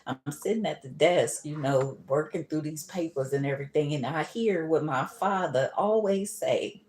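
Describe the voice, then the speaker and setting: Chatty tarot-reading woman, low voice. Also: moderate pace, a little mellow, a little hiss or hum. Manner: chatty, laughs often, calls listeners boo and baby. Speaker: tarot reader. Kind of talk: casual tarot reading livestream.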